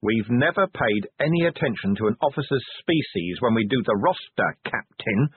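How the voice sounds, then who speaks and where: A weary middle-aged male police commander, blunt and cynical, snapping back short retorts, as a male narrator puts him on. His husky voice swings widely in pitch. The sound is dry and tinny, like narrow-band audio. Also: expressive, normal speed, dry recording. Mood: gruff.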